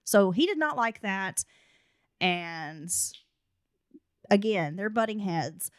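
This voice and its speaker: A woman's voice: mid-range voice, very animated, slow pace, clean tone, no room sound, studio quality. A woman hosting a true crime podcast. She narrates the case details and breaks in with blunt, casual asides. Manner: reads case notes, then adds blunt asides. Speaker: podcast host.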